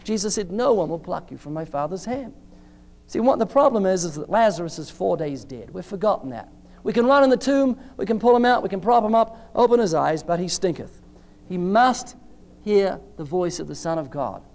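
A man's voice: high-pitched, animated, fairly quick, a little mellow. A man preaching a sermon in an emphatic style, acting out short dialogues with changing voices.

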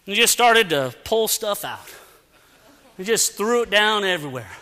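A man's voice: sits high, unhurried. A man preaching and telling a story with lots of energy, acting out sounds and bits of dialogue in a church. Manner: animated, acts out sounds and dialogue. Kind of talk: storytelling sermon. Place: church sanctuary. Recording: long church-hall reverb.

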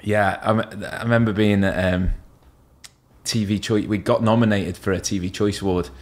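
A man's voice: on the low side, moderate pace. A man telling stories in casual podcast chat, swearing often and mimicking other people. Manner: animated, swearing, acts out other voices in anecdotes. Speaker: podcast guest, tattoo artist.

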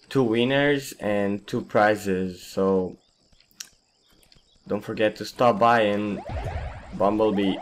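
A man hosting a casual gameplay commentary, his voice partly lost, rambling and trailing off quietly. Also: lowish voice, a little hiss or hum. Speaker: gaming channel host.

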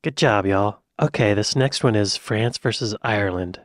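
Excitable American man reacting. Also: on the low side, moderate pace, no echo, clean studio sound. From United States. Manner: excitable, exclaiming, laughs easily. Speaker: reaction video host. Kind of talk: casual reaction commentary.

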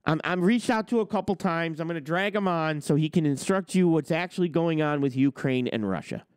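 Speaking a little fast, the trucking business show host has a smooth, expressive voice on the high side. He rants argumentatively on his livestream and fires off rhetorical questions, recorded at studio quality with no echo.

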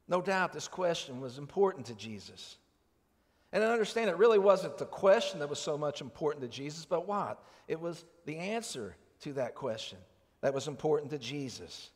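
Man, pastor, high voice, earnest conversational sermon, long church reverb. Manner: earnest, conversational preaching with rhetorical questions. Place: church sanctuary.

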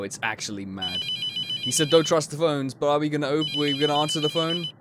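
A man's voice: fairly high pitch, fairly quick, heavy background noise. A man doing horror game commentary, stressed and jumpy, swearing and yelping when startled, his voice breaking. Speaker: gaming streamer.

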